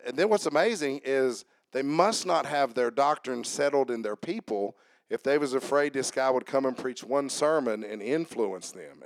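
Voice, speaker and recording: A man preaching a sermon in church, reading scripture slowly and talking to the congregation in a folksy way, with frequent "um"s and calls of "amen?". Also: mid-range voice, no echo, clean studio sound. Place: church sanctuary.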